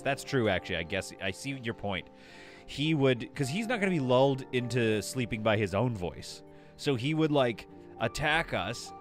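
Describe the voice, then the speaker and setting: A man streaming a game live, rambling and joking as he thinks aloud while building. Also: mid-range voice. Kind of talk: casual live gameplay commentary.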